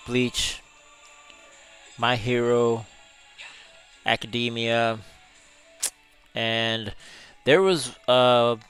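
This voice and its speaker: Smooth-voiced, unhurried man. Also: mid-range voice, fairly bright tone. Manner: easygoing, chuckles often, drawls words. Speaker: livestream host. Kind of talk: casual chat reading viewer comments.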